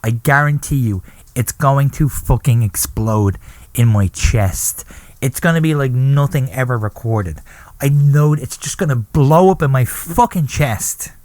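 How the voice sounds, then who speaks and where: A man's voice: medium pitch, a little slow, a little mellow, no echo. Guy doing a sweary over-the-top podcast rant, dry sound. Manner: profane, exaggerating, ranting. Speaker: podcast host. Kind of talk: comic monologue.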